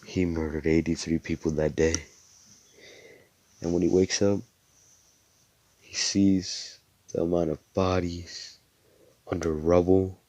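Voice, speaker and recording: A young man tells a fan story in a loose, rambling way, full of slang and swearing. His voice sits low. The sound is dry and close. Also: mellow, no room sound. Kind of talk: casual fan story narration.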